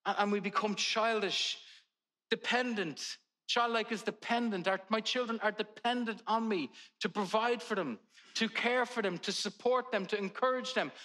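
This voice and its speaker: Bright-voiced pastor preaching. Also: male voice, high voice. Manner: conversational preaching with humorous family anecdotes. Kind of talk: sermon.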